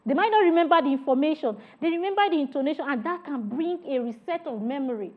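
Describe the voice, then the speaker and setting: A woman with a high voice gives an emphatic training lecture on customer service and talks straight to her trainees. She acts out each tone of voice to show it. The sound is thin and narrow, like a phone line. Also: animated, fast talker. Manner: emphatic, demonstrates tones by example; addresses trainees directly.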